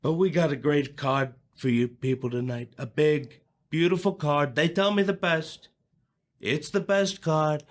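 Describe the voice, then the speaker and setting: A man's voice: on the high side, fairly even intonation, a little slow, natural voice. A man playing a boastful older male president who tells crude jokes in a rambling, repetitive way. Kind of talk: comedic impression in an audio play.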